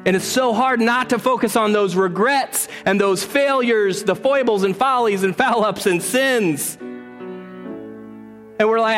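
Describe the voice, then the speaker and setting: A man preaching a sermon as pastor, earnest, moving between quiet asides and raised appeals. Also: high voice, measured pace, in a large hall, soft background music.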